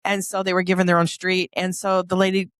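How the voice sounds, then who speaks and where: A middle-aged woman from Northern California, a podcast guest telling a personal story in a lively, chatty way and acting out the dialogue. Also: fairly low pitch, a little fast, no echo, clean studio sound.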